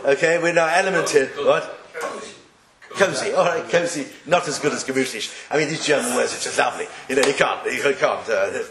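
A man's voice: medium pitch, fairly quick, crowd noise. A man teaching a class on Jewish texts, joking and putting rhetorical questions to his students. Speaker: Torah teacher. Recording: echoey room.

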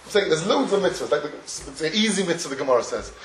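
A man's voice: on the high side, lively intonation, quick pace, slight background noise. A man giving a Torah lecture, telling stories animatedly with many restarts and chuckles. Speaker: Torah teacher. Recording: echoey room, distant mic, faint ambience.

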